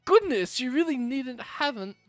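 A cheerful, fussing mother in a video game, read aloud by a man in his own lively voice. She chatters warmly about her child's first day, and the pitch bounces around a lot. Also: moderate pace, dry recording, soft background music. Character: cheerful caring mother of a new student. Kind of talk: reading game dialogue aloud.

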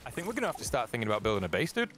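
A man's voice: mid-range voice, wildly swooping pitch, racing, fairly bright tone. A man hosting a casual co-op survival game session, teasing his friend and laughing often. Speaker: gaming channel host. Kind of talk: casual co-op gameplay chat.

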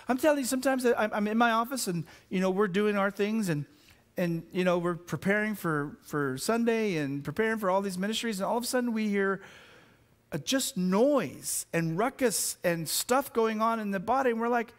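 A high-pitched man preaches a sermon as pastor. He shifts between loud, excited outbursts and slow, quiet stress on key words. He often stumbles and repeats himself as he builds a point. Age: adult with children.

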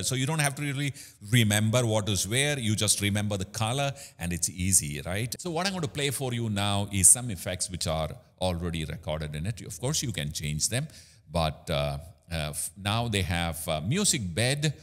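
A man's voice: fairly low pitch, fairly bright tone. A man hosting a product demo tutorial, explaining features with many fillers. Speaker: host. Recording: room with long reverb.

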